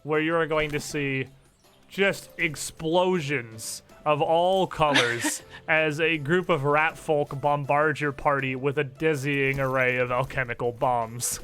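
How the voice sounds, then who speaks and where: Bright-voiced laughing game master man. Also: on the high side, steady tone, slow pace, faint music behind. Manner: laughing, loose, profane. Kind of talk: narrating a tabletop game.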